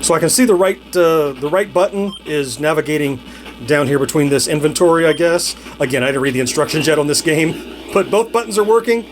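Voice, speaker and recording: A man's voice: on the high side, brisk, a little hiss or hum. A middle-aged man giving casual commentary while he plays retro games, chatty and laughing often, thinking aloud as he goes. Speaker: retro gaming video host.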